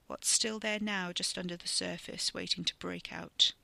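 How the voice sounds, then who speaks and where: Merlin, put on by a narrator with a gravelly bite. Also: medium pitch, moderate pace, no echo, heavily acted. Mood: knowing. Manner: calm and knowing. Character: cold, wily old bearded male wizard.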